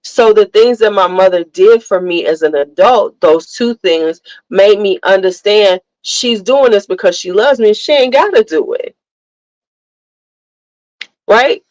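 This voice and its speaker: A middle-aged woman's measured, medium-pitched voice, darkish in tone, carries a casual motivational talk full of candid, emphatic stories and repeated points. The audio is poor but has no echo.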